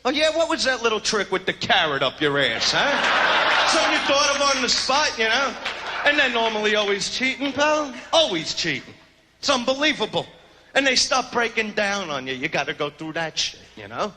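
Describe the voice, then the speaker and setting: A man doing a stand-up comedy routine, with a brash, swaggering and crude delivery and shouted punchlines. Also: sits high, very animated, normal speed. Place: comedy stage before a live audience. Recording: live club show with loud crowd laughter. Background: crowd laughing and noise.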